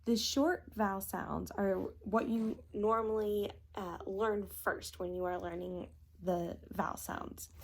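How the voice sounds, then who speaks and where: A woman teacher giving a phonics lesson to young children, sounding out letters and words slowly and carefully. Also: mid-range voice, steady tone, gravelly, a little hiss or hum.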